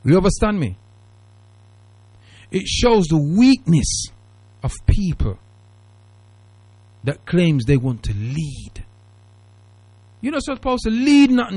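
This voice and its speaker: A man's voice: high voice, very animated, a little slow, pauses often, a little mellow, dry recording. Patois-flavoured british guy hosting a radio call-in, preachy and emphatic, voice jumps all over, dry studio sound. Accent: Jamaican Patois-tinged British English. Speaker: radio talk show host. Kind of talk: casual call-in radio talk.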